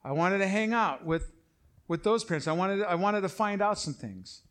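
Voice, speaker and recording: A middle-aged man delivers a sermon from the pulpit in a somewhat raised voice for a man. He is emphatic and repetitive, often slowing down so that his main points land. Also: high voice, expressive, fairly bright tone. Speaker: pastor.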